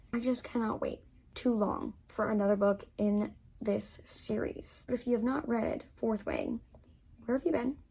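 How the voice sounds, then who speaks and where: A woman's voice: fairly high pitch, gravelly, dark tone. A young woman in her twenties chatting casually to camera as a book vlogger, gushing and full of fillers.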